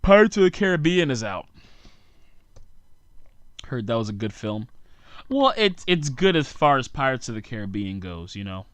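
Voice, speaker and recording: A young man rants through a solo podcast, sarcastic and rambling, sounding worn out. His voice sits at an ordinary male pitch. The recording is close and dry, with no room echo. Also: very animated, normal speed, long pauses, smooth. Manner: sarcastic, rambling rant with frequent asides. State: tired. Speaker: podcast host.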